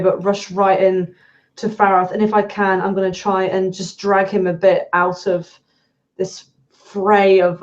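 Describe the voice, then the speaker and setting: A woman speaks as a tabletop game player, narrating in earnest first person and restarting her sentences. Her voice sits at a middling pitch and comes through a dull, lo-fi mic. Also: darkish tone. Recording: muffled lo-fi mic.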